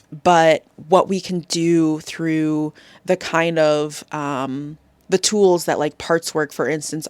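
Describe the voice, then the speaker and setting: A woman with a lowish voice hosts a solo podcast, guiding listeners in a gentle, encouraging tone. She talks conversationally, with casual fillers and frequent "right?" check-ins. The sound is dry and close, with no room around it. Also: dry recording. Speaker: podcast host. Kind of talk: solo podcast coaching talk.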